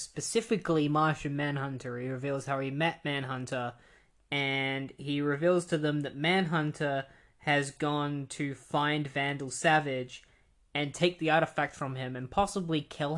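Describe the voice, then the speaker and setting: A comic book retrospective host walks loosely and casually through a comic's plot. His fairly high, slightly bright voice holds fairly even intonation at a normal speed, and he rambles, pausing on lots of ums and likes and restarting sentences.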